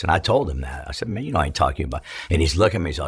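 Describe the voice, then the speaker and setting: A middle-aged man from California, telling his story in an interview, profane and halting with many restarts. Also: sits low, lively intonation, slightly rough. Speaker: interview guest, former prisoner. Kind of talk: emotional storytelling.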